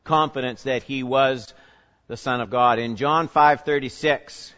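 Male pastor, conversational sermon, mid-pitched voice, dull lo-fi recording. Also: steady tone, measured pace, fairly bright tone. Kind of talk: teaching sermon. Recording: reverberant hall, dull lo-fi sound.

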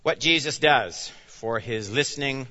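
A man preaching with a bright, forceful voice that rises loud and then drops to a hush. He speaks as a pastor in an emphatic sermon. The sound is a bit dull and rings with long reverb from a large hall. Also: mid-range voice, measured pace. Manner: emphatic, swings from loud declarations to hushed asides.

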